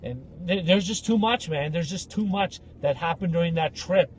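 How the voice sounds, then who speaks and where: A young man co-hosting a podcast, telling animated comic stories and acting out the people in them. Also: on the high side, normal speed, slight background noise. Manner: animated, acts out voices in anecdotes. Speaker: podcast co-host. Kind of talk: casual comedic storytelling.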